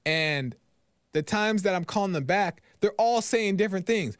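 Animated man telling a frustrated story. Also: high-pitched, a little slow, dry recording, clean studio sound. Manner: animated storytelling, acts out phone calls, frequent "right?". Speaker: podcast host. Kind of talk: casual monologue.

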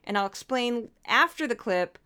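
A woman's voice: a little high, animated, moderate pace, bright, forceful tone, smooth. A woman hosting a podcast, delivering indignant, impassioned commentary and getting worked up as she argues. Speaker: podcast host.

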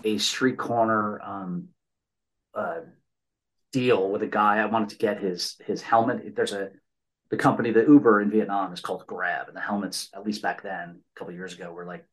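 A man's voice: on the low side, moderate pace, low-quality recording. An American man hosting a podcast, chatting casually and telling rambling stories, often checking in with "right?". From United States. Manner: rambling storyteller, tags points with "right?". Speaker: podcast host. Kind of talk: casual conversation.

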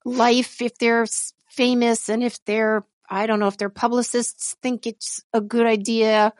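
A woman's voice: on the high side, level tone, unhurried, no echo, clean studio sound. A woman co-hosting a podcast, chatting casually, rambling, trailing off mid-thought and laughing often. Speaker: podcast co-host. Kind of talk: casual chat.

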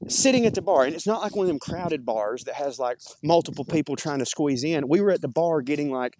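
A podcast host hikes uphill through the woods, slightly short of breath, rambling on in a chatty, self-deprecating monologue. He has a thick Southern US accent and a somewhat high, slightly mellow voice with lively intonation and a fairly quick pace.

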